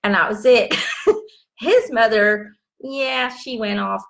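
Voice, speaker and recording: A woman in her thirties telling a personal story in a casual live chat, animated and laughing often. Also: on the high side, slow, vocal fry, a little hiss or hum. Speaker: vlog host.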